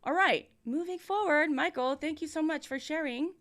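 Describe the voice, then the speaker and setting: A woman's voice: high-pitched, moderate pace, fairly bright tone. Woman, livestream host, casual coaching, explanatory, studio mic, home studio. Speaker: host giving music feedback. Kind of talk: livestream music review and coaching. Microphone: studio mic, moved near and far.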